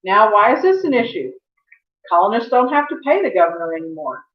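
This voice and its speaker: A woman's voice: mid-range voice, very animated, fairly quick. A woman giving a history lecture as a teacher, conversational, with fillers and self-corrections. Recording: echoey, dull lo-fi room sound.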